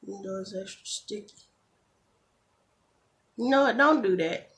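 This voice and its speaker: A woman beauty vlogger chatting casually through a nail tutorial, joking and getting exasperated, recorded on a camera phone. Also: mid-range voice. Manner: chatty, quick to get exasperated, jokey asides.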